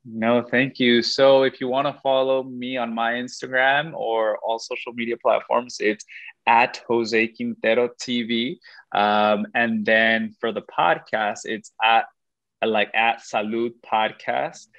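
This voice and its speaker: Friendly radio host as a guest. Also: male voice, mid-range voice, fairly even intonation, slow pace, a bit bright, dry recording, muffled recording. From Mexican American. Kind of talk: casual interview chat.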